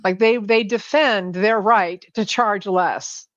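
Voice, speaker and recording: A woman's voice: mid-range voice, slow pace, no echo. A woman pricing coach, a guest in a conversational interview, talking animatedly with many restarts and self-corrections. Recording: dull lo-fi sound, dry.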